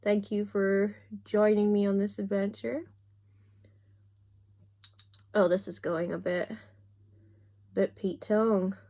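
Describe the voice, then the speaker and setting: A woman's voice: mid-range voice, little pitch movement, a little slow, dark tone. Chatty self-mocking woman. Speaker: book vlogger. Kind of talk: casual chat while doing makeup on camera.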